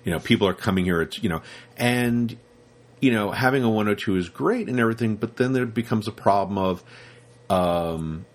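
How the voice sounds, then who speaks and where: A man's voice: on the low side, normal speed. A man hosting a casual podcast chat, rambling with many restarts and acting out what his students say. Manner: rambling, repeats words, acts out quoted students. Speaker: podcast host and rope teacher.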